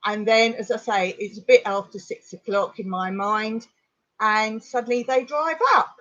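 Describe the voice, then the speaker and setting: A woman's voice: on the high side, moderate pace, muffled recording. English woman telling a story. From England. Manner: rambling, animated retelling with laughs. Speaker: vlogger on a livestream. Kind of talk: storytelling on a livestream.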